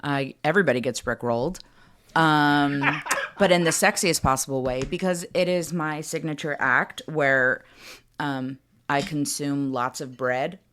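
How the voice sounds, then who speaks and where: A woman's voice: low-pitched, measured pace, a bit bright. A woman who performs burlesque chats as a podcast guest, playful and laughing. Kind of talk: casual chat.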